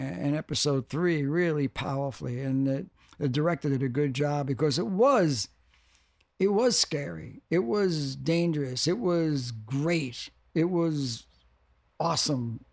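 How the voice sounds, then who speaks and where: Older guy on a podcast, kinda high voice, rambling, says stuff over and over. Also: gravelly, darkish tone, no echo, studio quality. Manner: rambling, restarts, emphatic repetition. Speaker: guest. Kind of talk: casual interview talk.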